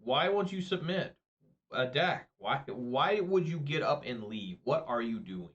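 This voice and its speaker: A man commenting on his own online card game, ranting with exasperation and frequent swearing. His voice is bright and sits in the middle pitch range. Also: expressive, measured pace, muffled recording. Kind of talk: live gameplay commentary.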